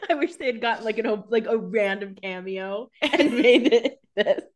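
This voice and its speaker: A young adult woman co-hosting a casual podcast, throwing in quick joking asides and laughing often. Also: fairly high pitch, lively intonation. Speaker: podcast co-host. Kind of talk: casual chat.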